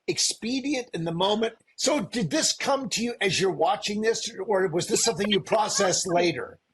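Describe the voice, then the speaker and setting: A man co-hosting a podcast, speaking in a measured, thoughtful way with hesitant restarts. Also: high-pitched, animated, a bit bright, a little hiss or hum. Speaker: podcast co-host. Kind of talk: casual recap chat.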